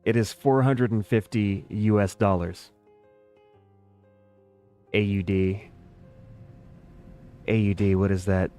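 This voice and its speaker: A man's voice: lowish voice, steady tone, slow, long pauses, dark tone, faint music behind. An American man chatting casually with his live chat while playing a strategy game, rambling and self-deprecating. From United States. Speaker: game streamer.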